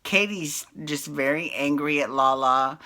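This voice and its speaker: Low, bright-voiced chatty woman. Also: measured pace. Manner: chatty, laughs often, swears casually. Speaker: podcast host recapping reality TV. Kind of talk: casual chatty recap. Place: Las Vegas.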